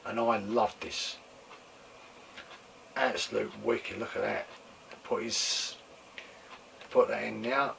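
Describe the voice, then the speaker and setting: An excitable man hosting a casual toy collecting show, with a voice that is wearing thin and going slightly hoarse. He gushes and repeats his exclamations, swearing now and then. He sits a little back from the microphone, with faint room noise behind him. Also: on the low side, slow pace, long pauses, distant mic. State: losing his voice. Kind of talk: casual show-and-tell chat.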